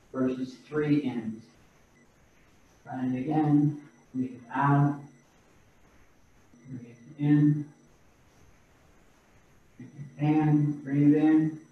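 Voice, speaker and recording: A man teaching a qigong class over a video call, giving slow, calm breathing and movement cues. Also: medium pitch. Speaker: qigong instructor. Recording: roomy, distant, dull video-call audio.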